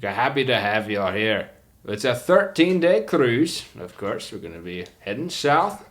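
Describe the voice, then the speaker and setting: A man's voice: mid-range voice, sing-song, a little slow, fairly bright tone. A man voicing a boisterous, jovial gator riverboat captain with an odd mixed Australian-Scottish twang and cheery showman announcements. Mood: jovial welcome. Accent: odd mixed Australian-Scottish put-on twang.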